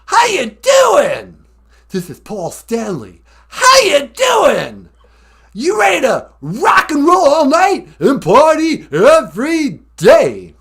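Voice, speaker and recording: A man doing an impression of a male rock frontman on stage with a slight lisp, shouting hype to the crowd. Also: very high voice, huge pitch swings, slow, pitched above the performer's own voice, exaggerated voice. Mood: hyped.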